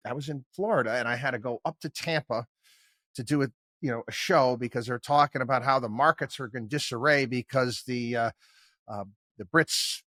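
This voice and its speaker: A man's voice: mid-range voice, pushed and bright, no room sound. An older man hosting a podcast, talking in a casual, rambling monologue with lots of fillers and restarts, plain-spoken and wry. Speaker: podcast host and financial commentator.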